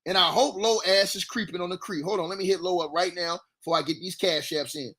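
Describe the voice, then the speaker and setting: Hyped high-voiced man trash-talking on stream. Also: fast. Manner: loud, repetitive, trash-talking. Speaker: livestream sports commentator. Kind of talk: hyped livestream sports talk.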